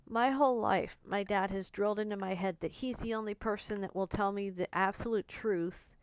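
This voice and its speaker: A woman's voice: medium pitch, clean tone, no room sound. A woman vlogger candidly telling a personal story, blunt and emotional, swearing freely.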